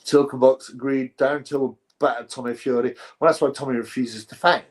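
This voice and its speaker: A man hosting a live boxing stream, speaking in a plain mid-pitched voice. He rambles through viewer comments with strong opinions, stumbling and restarting his sentences as he goes. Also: fairly even intonation, a little fast. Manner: rambling, opinionated, frequent self-corrections.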